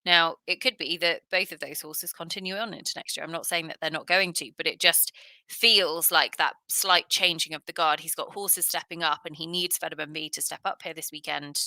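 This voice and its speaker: A woman co-hosting a podcast, giving steady, measured analysis in conversation. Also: deep voice, no echo. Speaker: podcast co-host. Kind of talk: casual chat.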